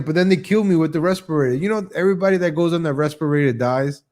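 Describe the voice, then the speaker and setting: A man's voice: on the high side, very fast, a little mellow. A man hosting a live online show, ranting in a casual, sarcastic way, often repeating his first words and mocking people in exaggerated voices. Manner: opinionated, sarcastic, jumps between topics; mocks others in exaggerated voices.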